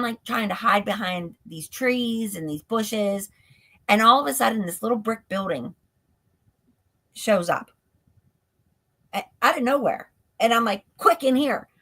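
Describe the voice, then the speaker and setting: A woman's voice: a little high, a bit bright. A woman, a guest on a live stream, telling a story in a breathless run-on way that is full of "like". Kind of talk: storytelling in an interview. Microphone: stream call mic.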